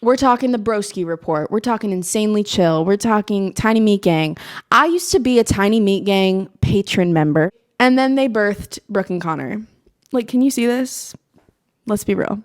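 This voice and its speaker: A chatty young woman in her twenties rambles to the camera in a loose stream-of-consciousness vlog. She puts on a slight Southern twang, laughs at herself often and keeps her voice at an everyday middle pitch. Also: normal speed. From Maryland. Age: 20s. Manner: chatty and animated, self-mocking, laughs often. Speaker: vlogger. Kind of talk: casual stream-of-consciousness chat.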